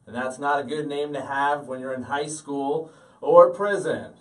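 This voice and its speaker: A man's voice: fairly high pitch, a little slow. A man in his late thirties doing a stand-up comedy set, self-deprecating and punchy. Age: 30s. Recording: stage audio from a distant mic.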